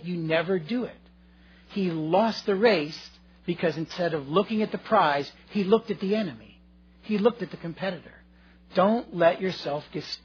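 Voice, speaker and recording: A man's voice: fairly high pitch, husky, dull audio. A male pastor preaching a sermon, earnest and conversational, addressing his listeners directly.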